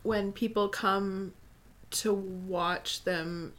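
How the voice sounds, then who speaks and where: A woman in an easygoing book conversation, speaking at a mid pitch. She is openly enthusiastic and chatty, leaning on fillers like "um" and "you know" as she thinks aloud. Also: steady tone, extremely slow, fairly bright tone. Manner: enthusiastic, laughs often, many fillers. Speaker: podcast co-host. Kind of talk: casual book discussion.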